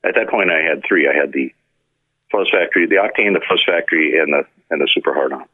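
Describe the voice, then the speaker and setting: Over a tinny phone line with no room sound, a man with a rumbling low voice talks fast. The guest, who builds effects pedals, tells stories in a casual interview and acts out what the people in them said.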